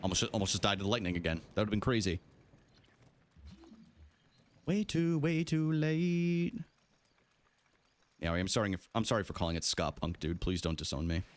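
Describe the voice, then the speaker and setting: A man's voice: low-pitched, fairly quick, long pauses, a little hiss or hum. A young adult man streaming a video game live, chatting casually with his viewers, joking and swearing as he plays. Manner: animated, jokey, swears, talks to chat.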